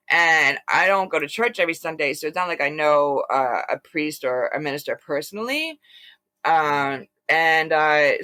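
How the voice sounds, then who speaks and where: An animated woman from Philadelphia recounts events in a casual chat, her voice bright and forward. She stumbles through fillers and restarts and slips into quoted lines. The sound is close and dry. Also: sits low, dry recording. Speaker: guest. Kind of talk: casual storytelling.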